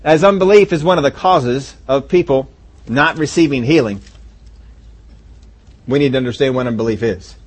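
A man's voice: medium pitch, normal speed, long pauses, husky. A man preaching a sermon as pastor, telling stories in a conversational way. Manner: storytelling, conversational.

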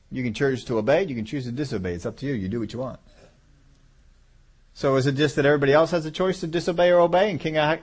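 A man preaching a sermon, animated, acting out voices of God and people and chuckling as he goes. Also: on the high side, slightly rough.

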